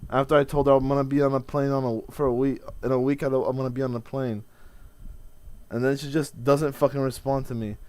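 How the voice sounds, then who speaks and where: A young man talks to camera in a rambling, profane rant that is full of restarts. His voice is smooth and clean, and his pitch sits mid-range. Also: level tone, brisk, a little mellow. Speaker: vlogger. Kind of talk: casual venting vlog.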